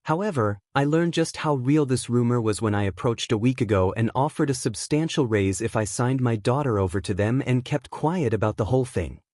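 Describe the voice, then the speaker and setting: A tired, blunt hero-teacher speaks in a dry monotone, a father set on protecting his child, played by a man reading a story aloud. The voice sits at an ordinary male pitch. The recording is close and dry, with no room sound. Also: a little fast, few pauses, no room sound, natural voice.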